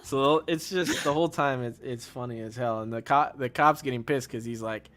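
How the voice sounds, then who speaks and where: A man's voice: medium pitch, normal speed, fairly bright tone. A man in casual chat, retelling a movie's plot and acting out lines with a raised voice. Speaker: podcast co-host.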